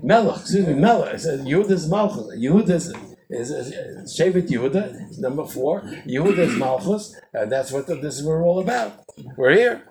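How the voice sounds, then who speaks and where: An older man giving an informal Chassidic teaching to a small group, telling stories animatedly and swinging from loud exclamations to quiet asides. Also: crowd noise, low-quality recording. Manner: animated storyteller, quick shifts from loud exclamations to low asides.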